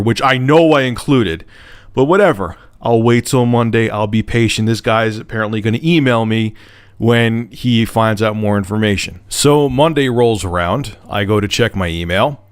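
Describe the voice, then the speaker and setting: A man's voice: fairly low pitch, dry recording. Exasperated man ranting. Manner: heated, profane, exasperated. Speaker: video blogger. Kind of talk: angry storytelling rant to camera.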